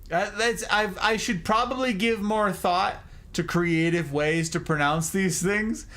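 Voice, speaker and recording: A man's voice: high voice, measured pace, pushed and bright, a little hiss or hum. A man streaming a game at his desk, joking with chat, teasing over mispronunciations and laughing often. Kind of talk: casual livestream chat with viewers.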